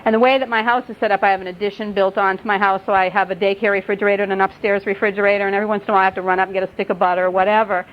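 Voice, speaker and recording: A woman's voice: medium pitch, little pitch movement, rapid-fire, few pauses. Earnest woman telling stories at a workshop. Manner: storytelling, gentle and earnest. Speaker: workshop presenter. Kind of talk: parenting workshop talk. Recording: dull lo-fi webcast audio, faint noise.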